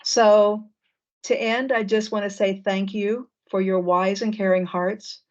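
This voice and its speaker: A woman presenting an online training session, relaxed and with frequent fillers, heard over a video call. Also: medium pitch, unhurried. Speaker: workshop presenter. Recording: dull lo-fi call audio.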